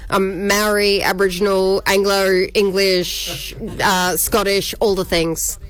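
A woman's voice: medium pitch, flat delivery, slow, a bit bright. A woman from Australia, a guest chatting cheerfully on a radio show. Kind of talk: casual chat.

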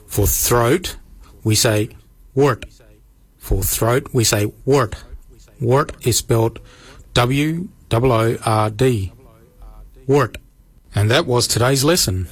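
A man giving a short radio language lesson, saying each word slowly and spelling it out letter by letter. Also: medium pitch, husky, no echo. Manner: slow, spells words letter by letter. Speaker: language teacher.

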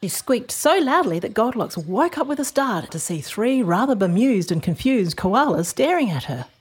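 A woman narrating a children's storybook in a gentle, expressive reading voice. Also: on the high side, normal speed, husky.

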